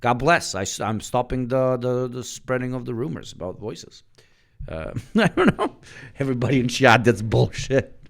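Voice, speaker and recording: A man's voice: mid-range voice, expressive, moderate pace, creaky. A man hosting a live stream, chatting casually and jokingly with his chat, laughing and swearing as he reacts. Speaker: livestream host.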